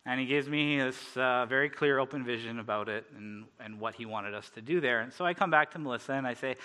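A man gives a sermon in an easygoing, storytelling way. His voice is bright and forward, and he laughs often between points. He speaks in a middle register with plenty of fillers. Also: medium pitch, a little fast. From Canada. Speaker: preacher. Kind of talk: sermon with personal stories.

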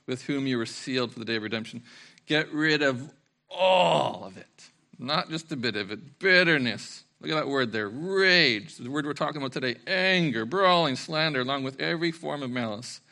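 A middle-aged man, a pastor, preaching a sermon with animated storytelling, acting out voices and laughing along the way. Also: mid-range voice, fairly quick, hardly any pauses.

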